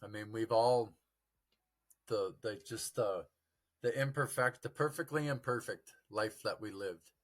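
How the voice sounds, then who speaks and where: A young man, a podcast guest, telling his recovery story in an earnest, halting way. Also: fairly low pitch. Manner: earnest, halting, quotes family dialogue.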